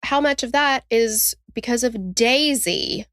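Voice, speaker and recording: A woman's voice: a little high, fairly bright tone, no room sound. Teasing woman co-host, dry close sound. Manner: reactive, teasing, quick to laugh. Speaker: podcast co-host. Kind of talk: casual true-crime podcast chat.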